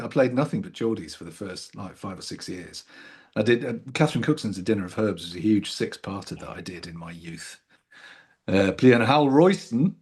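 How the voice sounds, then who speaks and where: A middle-aged man from Newcastle, England, speaking in received pronunciation as an actor guest, relaxed and self-mocking with frequent laughs. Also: medium pitch, slightly rough. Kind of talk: casual chat.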